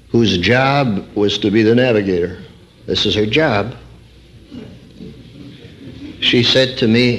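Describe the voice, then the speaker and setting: Slight background noise sits under this middle-aged preacher's mid-range voice. In his sermon he recounts a personal story in a homespun way, using wry humor and posing rhetorical questions to the audience.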